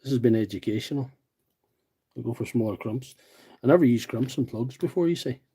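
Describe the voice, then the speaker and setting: Here the County Derry man, rural accent and all, keeps up his rambling, self-deprecating talk while repairing tools on a livestream from Northern Ireland. The delivery is brisk, the mid-range voice dark-toned and slightly rough.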